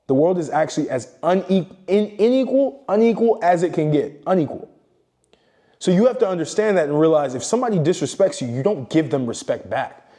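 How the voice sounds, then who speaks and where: A man's voice: on the high side, warm tone. A man giving a blunt, profane motivational monologue as a self-improvement coach, lecturing emphatically.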